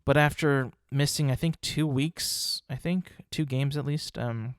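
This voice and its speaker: A man's voice: medium pitch, measured pace, dry recording, clean studio sound. A man hosting his own podcast, chatting casually and rambling about football results with strong opinions and lots of fillers. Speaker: podcast host. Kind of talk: casual sports chat.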